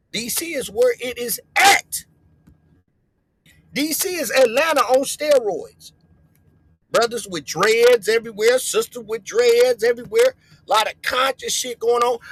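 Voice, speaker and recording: A man's voice: very high-pitched, a bit bright, no echo, rough recording. A man from the US West Coast hosting a livestream, talking in slang and rambling with frequent repeats. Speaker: livestream host. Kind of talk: loose reaction-stream commentary.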